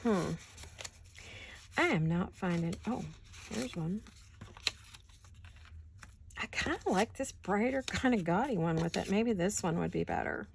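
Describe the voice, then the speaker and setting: Gravelly-voiced woman chatting through a craft project. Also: medium pitch, animated, unhurried, long pauses, background noise. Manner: thinks aloud while working, drifts into soft muttered asides. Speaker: crafting channel host. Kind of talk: casual craft-along chat. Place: home craft desk.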